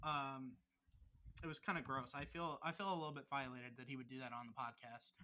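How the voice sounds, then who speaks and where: A man's voice: mid-range voice, steady tone, brisk, bright, forceful tone. A man co-hosting a podcast over a remote call, teasing his co-host in crude, mock-angry casual chat full of swearing.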